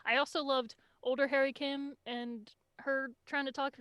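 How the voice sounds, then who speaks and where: Young female podcast co-host, high-pitched, gushing, swearing, dry close sound. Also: moderate pace, no echo. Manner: excited, swearing, acts out scenes with quoted lines and laughs. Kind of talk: casual chat.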